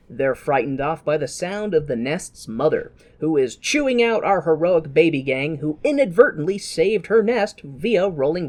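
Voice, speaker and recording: Low-voiced rambling woman podcaster. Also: a little mellow. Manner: rambling, self-correcting, dry humor. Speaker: podcast co-host. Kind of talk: casual chat and film recap.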